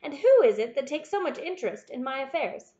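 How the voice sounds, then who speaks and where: A blunt, impatient young baronet, as a woman reader puts him on, sturdy and outspoken. The voice sits fairly high and comes through a dull, lo-fi recording. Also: very animated, fairly quick, warm tone.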